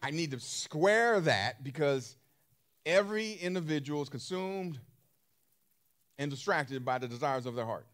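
A male pastor delivering a sermon with features. His pitch rises and falls in big swings as he presses each point, repeating words and asking the congregation questions. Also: lively intonation, measured pace, a bit bright. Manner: emphatic, repeats phrases, asks the congregation questions.

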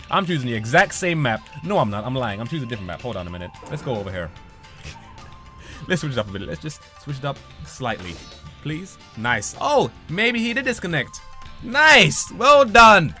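A young man reacts to his own online match, swearing and trash-talking his opponent. His voice is bright and a little high, swinging up and down all the time. Faint game music plays behind him. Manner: excitable, profane trash talk. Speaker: gaming channel host. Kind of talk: live gameplay commentary.

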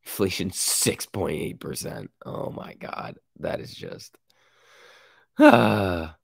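A man's voice: deep voice, very animated, slow pace, creaky, husky, no room sound, clean studio sound. A man with a sick voice hosting a live stock market stream, reading chat and reacting in casual slang. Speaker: stock market livestream host.

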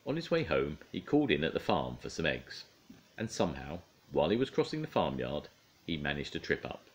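An older man, a grandfather, reading a children's bedtime story aloud in a playful, expressive way. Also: extremely low pitch, fairly quick, breathy edge.

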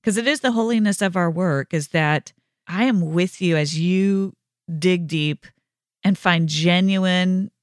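Woman host, reflective and affirming, smooth tone, dry close sound. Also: on the low side, unhurried, dry recording. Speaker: podcast host. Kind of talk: conversational interview.

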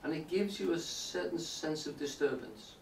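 In an echoey indoor room with a live audience, a man delivers an explanatory public talk on poetry, regularly checking in with his listeners. His fairly high voice carries vocal fry at a normal speed, and the sound is roomy and distant with a faint hiss.

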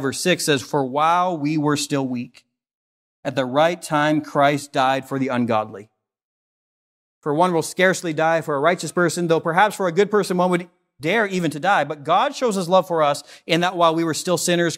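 Earnest Canadian man preaching a sermon. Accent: Canadian English. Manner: earnest preaching, rising on questions and dropping low and soft on solemn lines. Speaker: pastor. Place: church sanctuary.

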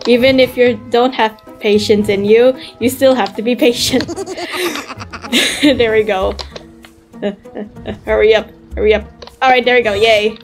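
A woman giving excitable gameplay commentary, squealing and laughing often as she plays. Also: a little high, slow pace, pauses often, faint music behind. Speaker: gamer.

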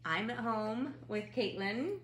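A woman teacher reading a picture book aloud to young children from her home, in an animated sing-song way. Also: on the high side, takes it slowly, noisy background. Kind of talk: children's story read-aloud.

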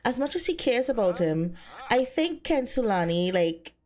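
A woman's voice: a little high, very animated, moderate pace, darkish tone. Chatty woman narrating a life-sim game. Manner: chatty, voices the characters' dialogue in her own voice. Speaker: Sims let's play narrator. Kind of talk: casual gameplay narration.

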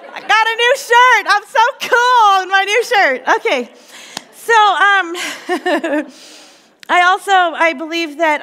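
Bright-voiced woman preaching in a hall. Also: high voice. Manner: lively, playful, personal storytelling. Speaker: youth pastor. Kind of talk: sermon with comedic opening skit. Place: church sanctuary. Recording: long reverb in a church hall.

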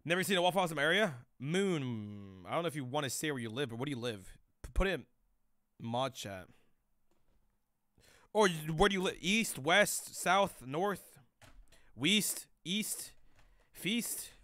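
A man's voice: a little high, lively intonation, measured pace, long pauses, sharp tone, no echo, clean studio sound. A young man streaming live, chatting loosely with chat in rambling, profane slang.

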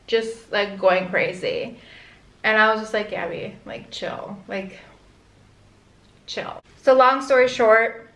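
A woman's voice: mid-range voice, fairly bright tone. A young pregnant woman vlogging casually, rambling candidly with lots of "like". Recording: echoey room.

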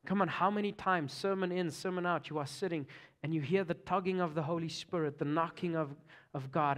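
High-voiced South African pastor preaching. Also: male voice, steady tone, fairly quick, hardly any pauses. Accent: Afrikaans South African. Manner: swings from loud urgent preaching to hushed near-whispers. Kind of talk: sermon.

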